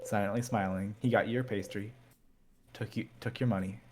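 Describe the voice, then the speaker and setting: A man's voice: on the low side, fairly even intonation, moderate pace, darkish tone, slight background noise. Man reading game text with dramatic build. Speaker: game streamer.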